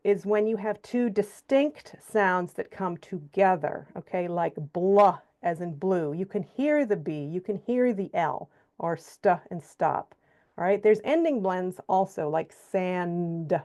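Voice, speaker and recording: A woman at a mid-range pitch leads a phonics workshop for teachers. She walks through each example one step at a time and draws the vowel sounds out slowly. She keeps checking in with her listeners as she goes. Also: a little mellow. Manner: explains step by step, checks in with frequent okays and all rights; sounds out syllables slowly and stretches example words. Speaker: reading teacher trainer. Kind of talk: instructional presentation.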